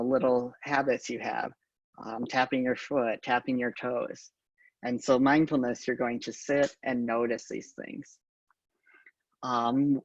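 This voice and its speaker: Gravelly man giving a calm talk. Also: medium pitch, dry recording. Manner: calm, halting, frequent ums. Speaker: conference speaker. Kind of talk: conference talk on mindfulness. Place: conference talk. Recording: distant, dull lo-fi conference recording.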